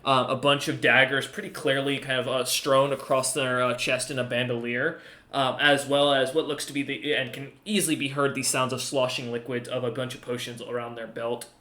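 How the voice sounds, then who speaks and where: A man narrating as game master of a tabletop game, pausing often with ums and uhs. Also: mid-range voice, little pitch movement, bright, forceful tone, reverberant. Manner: halting, full of ums and uhs.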